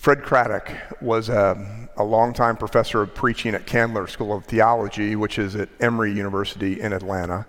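A male pastor delivering a sermon, telling a story with measured pauses and a storyteller's rhythm. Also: lowish voice, fairly even intonation, a bit bright. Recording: long hall reverb.

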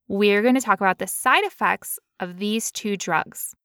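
A woman co-hosting a casual podcast, playful and quick to laugh as she explains things at length. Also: mid-range voice, sharp tone, no echo, clean studio sound. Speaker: podcast co-host.

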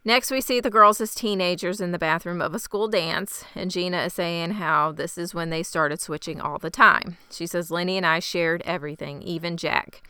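A woman's voice: fairly low pitch, steady tone, moderate pace, few pauses, sharp tone, smooth, no room sound, clean studio sound. A woman hosting a podcast, casually recapping an episode from her notes in a chatty, wry way. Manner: chatty and wry, laughs easily. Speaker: podcast host.

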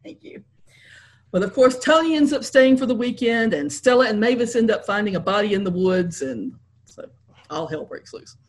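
A woman author chats cheerfully in an interview, laughing easily. Her voice is lively, with wide, animated swings in pitch. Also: normal speed. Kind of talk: interview and book reading.

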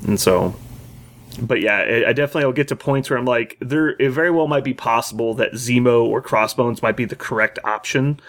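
A man's voice: medium pitch, fairly quick. A man co-hosting a tabletop gaming podcast, chatting casually and laughing often. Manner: laughs often, animated storytelling. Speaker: podcast co-host.

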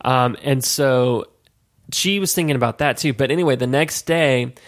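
A man's voice: medium pitch, moderate pace. A man co-hosting a casual podcast chat, rambling with many restarts and laughing easily. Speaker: podcast co-host.

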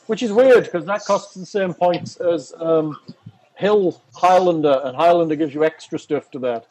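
A man's voice: a little high, normal speed, darkish tone, poor audio. A man running a tabletop game over a video call, reading out rules methodically and teasing his players dryly. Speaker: game master. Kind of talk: casual chat, reading rules aloud.

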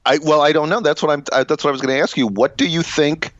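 A man's voice: on the high side, fairly even intonation, fast talker, fairly bright tone, no room sound. A man co-hosting a podcast, casual comedic banter, rambling and self-interrupting with frequent laughs. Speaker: podcast co-host. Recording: dull lo-fi dry recording.

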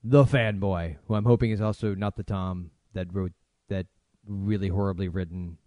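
A man's voice: low voice, steady tone, normal speed, dark tone, dry recording. Joking male podcast co-host, dry sound. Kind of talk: casual podcast chat.

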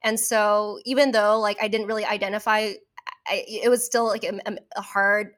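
A young woman from California speaks in a reflective, halting way, often restarting her sentences. She takes her time as she works through her thoughts in casual conversation. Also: medium pitch, flat delivery, a bit bright. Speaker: actor, co-host.

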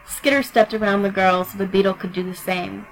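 A woman reading a story aloud as narrator, with a steady, even delivery. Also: mid-range voice, a little fast, soft background music, rough recording. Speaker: audiobook narrator. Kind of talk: scripted narration.

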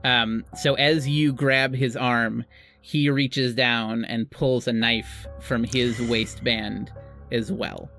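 Halting game master narrating. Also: medium pitch, fairly even intonation, fairly bright tone, soft background music. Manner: halting, many restarts and fillers.

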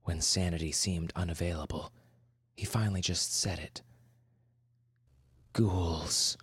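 Deep-voiced man narrating horror. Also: fairly even intonation, dry recording, studio quality. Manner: measured, dramatic, drops to a whisper for tense moments. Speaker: podcast host and story narrator. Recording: narration over clear music.

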